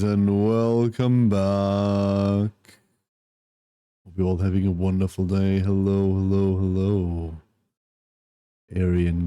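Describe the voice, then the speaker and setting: A man chatting casually on a livestream, groggy from a nap, speaking softly and apologetically as he greets viewers one by one. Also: on the low side, smooth, no echo. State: groggy, just woke from a nap. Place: at home, wrapped in a blanket.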